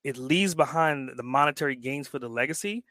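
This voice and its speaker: A man talking on a podcast as an entrepreneur guest, emphatic and blunt, swearing freely and picking up speed when excited. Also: medium pitch, brisk, dry recording. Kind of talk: casual podcast conversation.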